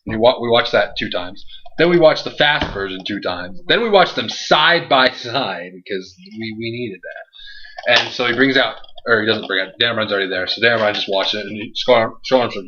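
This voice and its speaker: A young man hosting a casual wrestling review show, recapping with animated energy and acting out what people said. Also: mid-range voice, normal speed, highs cut off. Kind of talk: casual chat.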